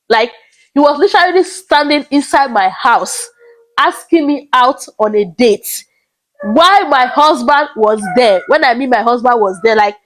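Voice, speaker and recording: A young woman telling a story to her vlog viewers, dramatic and expressive. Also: high voice, poor audio. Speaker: vlogger.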